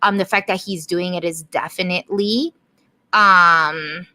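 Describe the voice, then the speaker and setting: A woman co-hosting a podcast in casual chat, chatty and quick to laugh. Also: on the low side, fairly even intonation, pushed and bright. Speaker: podcast co-host.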